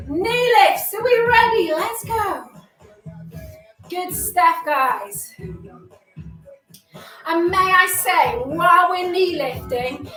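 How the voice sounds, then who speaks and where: Pushed, bright and very high-pitched, a woman's voice guides an online exercise class live from a room in her home. She's slightly out of breath, offering encouraging cues, countdowns and friendly asides, heard from a distance with roomy echo and quiet music.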